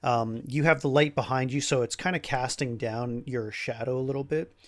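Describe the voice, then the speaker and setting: A man's voice: mid-range voice, moderate pace. A man narrating as game master for a tabletop game, easygoing with frequent ums and uhs. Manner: relaxed, many ums and uhs, laughs easily.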